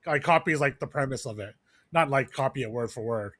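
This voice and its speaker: This podcast co-host talks a little fast in a medium-pitched, slightly bright voice, and the recording has no room sound. He chats casually and rambles, packing in fillers and restarting sentences often.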